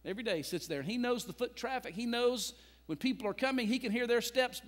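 A male pastor preaching a sermon, telling a story dramatically and swinging between loud and hushed. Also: extremely high pitch, quick pace. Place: church sanctuary. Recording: long church reverb.

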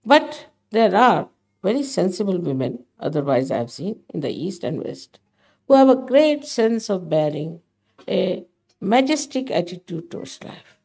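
A woman's voice: lowish voice, big pitch swings, measured pace, vocal fry, a little mellow, slightly rough. An older woman giving a spiritual talk to her followers, emphatic and motherly, often scolding. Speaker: spiritual teacher.

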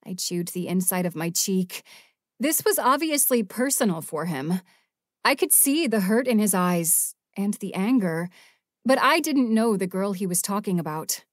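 A woman narrating an audiobook in the first person with an expressive, emotive reading. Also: medium pitch, moderate pace, no room sound, studio quality.

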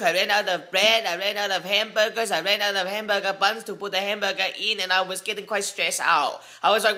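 A young man hosting a comedic vlog, ranting loudly and excitedly about his day. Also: high voice. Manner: loud, excitable comic ranting. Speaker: vlogger.

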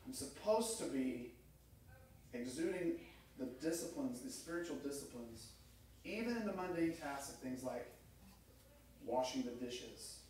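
Preaching in a church sanctuary, this middle-aged pastor tells stories and performs quoted voices in an animated, mid-range voice that's a little slow and a little mellow, with long pauses. The recording is echoey with a far-off mic and slight background noise.

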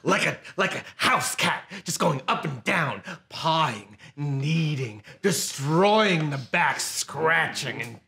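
A man's voice: fairly high pitch, animated, takes it slowly, creaky, hardly any pauses, sharp tone, full character voice. A man playing a grizzled veteran wrestler, boasting through a mock wrestling promo. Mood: boastful.

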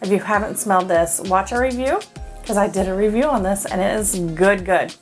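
A woman's voice: mid-range voice, fairly quick, soft background music. A middle-aged woman hosting a casual chat, talking with enthusiasm and laughing often. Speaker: host.

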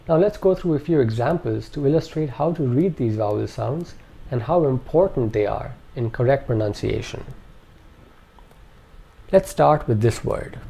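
A man teaches at an unhurried pace, sounding out every syllable with care. His voice is dark and mellow with a gravelly edge. The delivery is calm, measured and scripted, like a recorded lesson. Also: medium pitch. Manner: slow, careful, enunciating each syllable. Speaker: language teacher.

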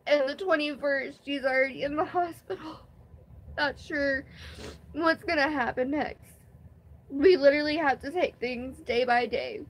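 Young female vlogger, somewhat high voice, rambling and candid, live-stream chat. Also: measured pace. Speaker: vlogger hosting her first live stream.

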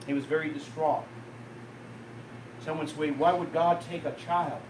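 A pastor preaches a sermon in a church sanctuary, his voice high for a man, telling a story at a storyteller's pace that builds and then drops low. Recorded from a distance, the sound rings around the roomy space with faint ambience and background noise. His intonation is fairly even and his delivery unhurried.

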